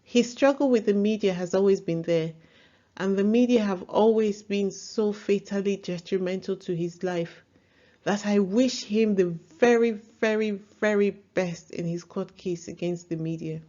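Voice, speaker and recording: A chatty woman reviews a book in a casual vlog, giving her opinions freely. Her voice sits at a mid pitch, and the recording sounds dull and lo-fi. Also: unhurried, mellow. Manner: chatty, opinionated, laughs easily.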